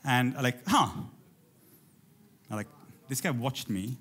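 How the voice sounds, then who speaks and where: A man preaching a lively sermon in church, calling out to his congregation and urging them to respond. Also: mid-range voice, moderate pace. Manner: animated, rallies the congregation with call-outs. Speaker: pastor.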